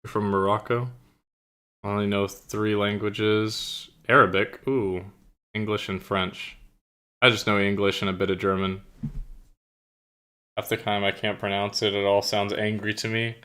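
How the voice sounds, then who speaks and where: A man's voice: lowish voice, flat delivery, a little slow, long pauses, sharp tone, smooth. A young man streaming and chatting casually with his viewers, rambling with lots of fillers and casual swearing. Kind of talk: casual chat with live chat. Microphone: own streaming mic.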